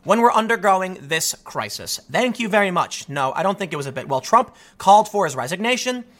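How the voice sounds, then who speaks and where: A man's voice: high-pitched, very animated, fairly quick, fairly bright tone. A man hosting a political commentary show, ranting in an exasperated, sarcastic way.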